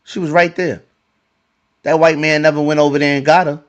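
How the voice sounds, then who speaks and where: Man, podcast host, heated debate, repeats phrases, a bit high-pitched. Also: little pitch movement, fairly quick, highs cut off.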